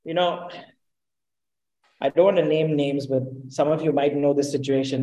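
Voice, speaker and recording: A man's voice: medium pitch, fairly even intonation, normal speed, mellow, echoey room, low-quality recording. A man preaching a sermon in an earnest, emphatic way, often putting questions to the congregation.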